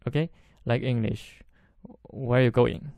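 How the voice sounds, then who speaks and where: A man's voice: medium pitch, fairly even intonation, measured pace, gravelly, a little mellow, no echo. A man whose first language is Chinese teaches a podcast language lesson, explaining patiently, repeating phrases and chuckling now and then.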